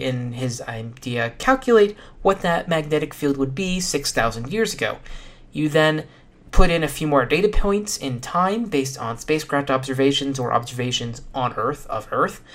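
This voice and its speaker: Solo science podcast host, dry and sardonic, casual delivery, mid-range pitch. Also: a bit bright. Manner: casual with fillers.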